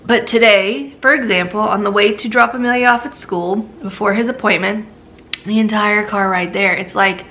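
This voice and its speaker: A woman's voice: medium pitch, steady tone, normal speed, fairly bright tone, slight background noise. A woman speaking candidly as a mother in a personal vlog, in a weary, drained, venting way. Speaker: mother vlogger.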